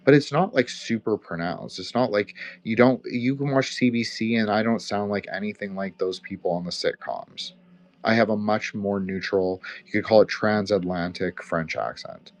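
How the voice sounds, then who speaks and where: A man's voice: lowish voice, normal speed. A man with a slight Quebecois accent hosting a live audio chat, rambling and profane, with frequent fillers. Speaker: host. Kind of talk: casual closing remarks on a live audio chat.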